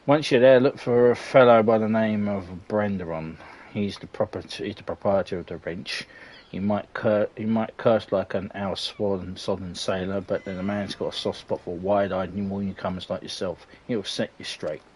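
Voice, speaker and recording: A man's voice: fairly low pitch, steady tone, moderate pace, darkish tone, close to an everyday voice. A man voicing a friendly townsman giving directions, reading game dialogue aloud with small slips. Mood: helpful.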